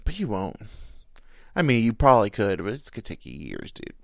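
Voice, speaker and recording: A man's voice: lowish voice, huge pitch swings, fairly quick, creaky, no echo. A man hosting a podcast, telling a rambling, self-deprecating comic story on a close mic. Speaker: podcast host. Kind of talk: casual comedic monologue.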